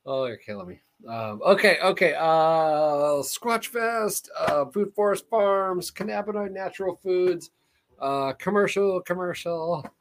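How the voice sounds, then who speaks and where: Man, podcast host, casual chat, slightly high voice, slow talker, laughs and swears a lot.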